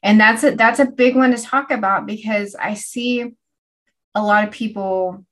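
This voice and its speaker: A woman's voice: mid-range voice, fairly even intonation, normal speed. Earnest woman co-host. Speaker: podcast co-host. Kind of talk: casual conversation.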